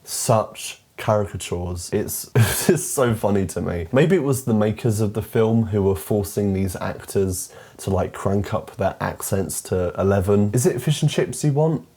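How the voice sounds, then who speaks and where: A young British man talks through a film review in a casual, amused tone, scattering fillers as he goes. His voice is low and mellow, with a relaxed warmth. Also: a little slow, few pauses. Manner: chatty, amused, heavy on fillers.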